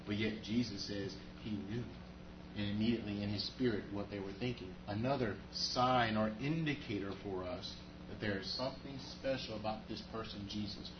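A man's voice: on the low side, normal speed, noisy background. A man preaching a sermon as pastor, talking conversationally and speaking to the congregation with rhetorical asides. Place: church sanctuary. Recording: echoey, muffled church hall audio.

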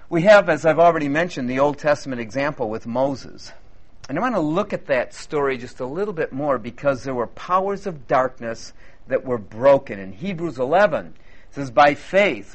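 A man preaching a sermon to a congregation, chatty and joking with the audience between points. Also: medium pitch. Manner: lively, chatty preaching with audience banter and quips.

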